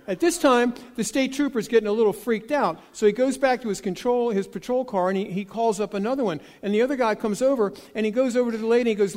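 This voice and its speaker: A man's voice: high-pitched, fast, hardly any pauses, a little mellow, big-room sound. A man preaching a sermon, telling folksy joke stories and acting out the dialogue with animation. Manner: folksy storytelling with jokes.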